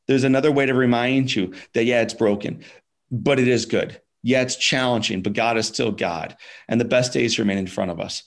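A man telling a personal story as a podcast guest, in a mid-range voice that is neither high nor low. His delivery is casual and emphatic. He drops "like" and "dude" into his sentences, and he stumbles over repeated words when he gets emotional. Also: gravelly.

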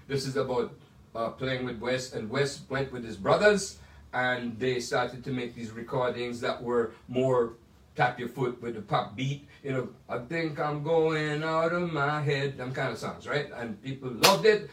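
A man's voice: mid-range voice, moderate pace, fairly bright tone. An older man from Jamaica with a Jamaican accent, telling rambling stories about his life as a jazz pianist, full of digressions and asides. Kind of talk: casual storytelling. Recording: roomy sound from a distant mic.

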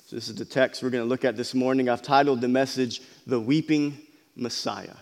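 A man's voice: mid-range voice, steady tone, brisk, creaky. A man preaching a sermon as pastor, asking the congregation questions and often repeating his words. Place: church hall. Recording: long hall reverb.

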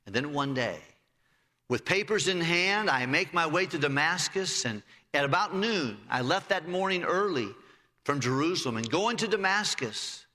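A man's voice: a little high, lively intonation, normal speed, pushed and bright, long reverb tail. A man preaching a sermon, retelling scripture vividly and reading in old-style biblical phrasing.

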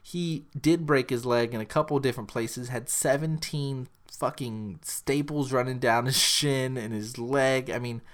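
A man's voice: mid-range voice, measured pace, hardly any pauses. A young man hosting a podcast, telling a story casually, swearing and acting out the quotes. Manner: profane, animated, acts out quotes. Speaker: podcast host.

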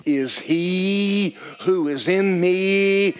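A male pastor preaching a storytelling sermon, swinging from hushed asides to near-shouted declarations in a church sanctuary. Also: high voice, extremely slow, clean tone.

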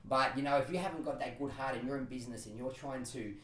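A man, a podcast guest telling stories in animated, laughing casual chat. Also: medium pitch, slight background noise. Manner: animated storytelling, quick and laughing. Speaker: podcast guest, personal trainer and speaker. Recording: roomy, a bit distant from the mic.

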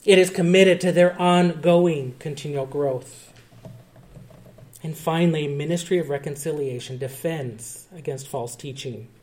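Man preaching a sermon, earnest and measured. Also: fairly high pitch, darkish tone. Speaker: pastor.

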